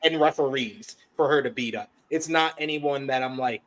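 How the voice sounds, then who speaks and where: A man's voice: medium pitch, normal speed, a bit bright, a little hiss or hum. A man co-hosting a casual wrestling review show, recapping what happened and laughing often as he goes. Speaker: co-host.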